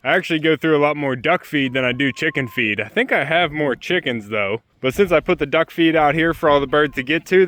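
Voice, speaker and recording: A man's voice: on the high side, fairly bright tone. Man chatting to his chickens outdoors. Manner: chatty, talks fondly to his chickens and ducks. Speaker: homesteader vlogger. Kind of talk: casual narration while doing farm chores. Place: outdoors on a homestead with poultry.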